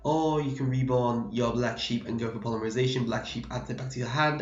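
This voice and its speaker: A British man with a mid-range, fairly even voice walks through a card game deck at a fairly quick clip, rambling and often correcting himself mid-sentence as he explains it casually. His voice sounds a bit worn, like he's slightly losing it, and the home recording is dull and roomy.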